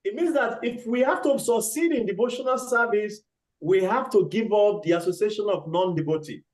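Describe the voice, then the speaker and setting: A man's voice: high voice, normal speed. A man teaching a scripture class, who quizzes his students and repeats key words for emphasis. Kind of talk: class lecture. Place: temple hall. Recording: echoey hall.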